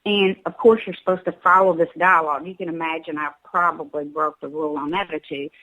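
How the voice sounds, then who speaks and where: A woman's voice: low-pitched, fairly even intonation, brisk, a bit bright, rough recording. Emphatic woman with a Southern accent. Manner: emphatic, urging, repeats words.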